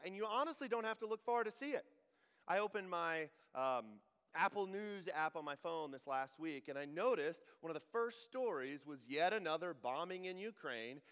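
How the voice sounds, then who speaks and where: A man's voice: fairly high pitch, fairly bright tone, smooth, long reverb tail. A man preaching a sermon as a pastor, conversational and joking in asides.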